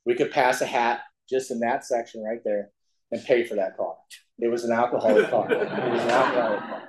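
A man's voice: medium pitch, fairly even intonation, brisk, very noisy. Man from the Ozarks telling funny stories. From Ozark Mountains, USA. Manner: humorous storyteller, laughs at his own lines. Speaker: speaker at a recovery meeting. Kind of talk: personal recovery story told to a group. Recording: echoey meeting room.

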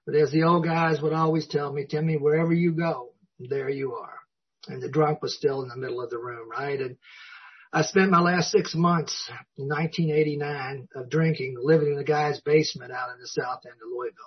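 Husky-voiced man telling his story. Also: on the high side, fairly even intonation, a little fast. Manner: folksy, self-mocking storyteller who chuckles often. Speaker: recovery meeting speaker. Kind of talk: personal story told to an audience. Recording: dull lo-fi recording.

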